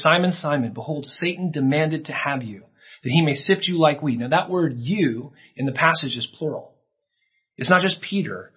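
A man's voice: medium pitch, slightly rough, highs cut off. A man preaching a sermon in an earnest way, his voice rising for emphasis, with a few restarts. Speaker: pastor.

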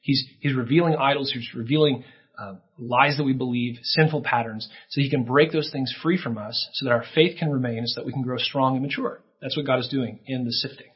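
A man's voice: medium pitch, fairly quick, breathy edge, muffled recording. A man preaching a sermon in an earnest way, his voice rising for emphasis, with a few restarts. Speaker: pastor.

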